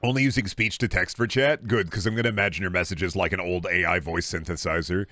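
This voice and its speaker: A man's voice: deep voice, fairly even intonation, fast, hardly any pauses, sharp tone, no echo. A young male streamer riffing on his chat in a crude, sarcastic, casual way.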